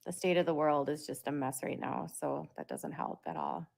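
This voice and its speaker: Young adult woman, low and gravelly, rambling casual vlog talk. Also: sing-song, normal speed, a little mellow. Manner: rambling, talks through filler words. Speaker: parent vlogger. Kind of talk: casual monologue to viewers.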